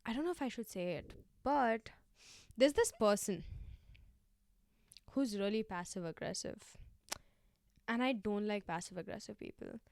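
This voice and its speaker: A woman's voice: medium pitch, takes it slowly, creaky, pauses often, dry recording. Chatty young woman podcaster, dry sound. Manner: chatty, animated, slangy. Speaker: podcast host. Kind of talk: casual solo podcast chat.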